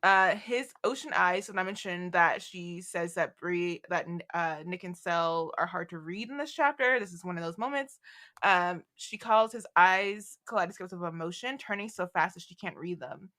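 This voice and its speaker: A woman co-hosting a casual podcast about a fantasy novel, animated and laughing as she reads quotes with dramatic flair. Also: fairly low pitch, normal speed. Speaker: podcast co-host. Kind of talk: casual book discussion.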